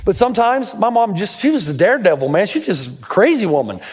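Preaching at a quick pace with a breathy edge, this middle-aged, fairly high-voiced pastor from Tennessee weaves family stories into his sermon points. His dramatic storytelling sends his pitch upward in quoted voices, echoing through a long hall reverb.

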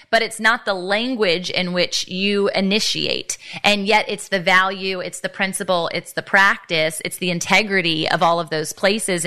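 A woman's voice: mid-range voice, bright, forceful tone, smooth. A woman hosting a faith podcast interview, talking in long, effusive, affirming run-on phrases. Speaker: podcast host.

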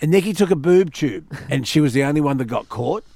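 A man's voice: on the high side, expressive, quick pace, dark tone, no echo. A man with an Australian accent hosting late-night radio, rambling through stories with many fillers and restarts. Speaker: radio host.

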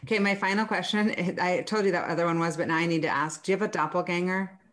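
A woman hosting a podcast, asking questions in a bright, gushing way. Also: lowish voice, steady tone, quick pace. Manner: upbeat, gushing interviewer. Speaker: podcast host. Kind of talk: casual interview chat.

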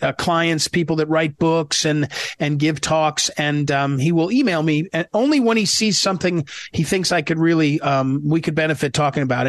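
A man hosting a political radio talk show, talking fast and emphatically, often breaking off and restarting. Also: a little high, no echo. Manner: fast, emphatic, self-interrupting.

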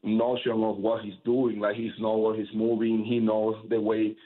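A man whose first language is Spanish, talking baseball in a casual interview. His voice sits on the low side and comes through a thin, phone-like line. He talks with energy and rambles, with fillers and restarts. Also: completely flat delivery, normal speed. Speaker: baseball pitcher, interview guest.

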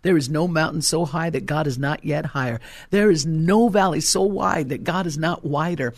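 A man's voice: a little high, normal speed, no echo, clean studio sound. A male pastor preaching an impassioned sermon and telling stories to his congregation.

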